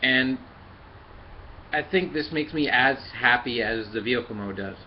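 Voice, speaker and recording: A man's voice: medium pitch, muffled recording, a little hiss or hum. A man casually reviewing and demonstrating a toy, walking through each step with lots of ums and uhs as he handles it. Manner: halting, many fillers, talks while handling the toy.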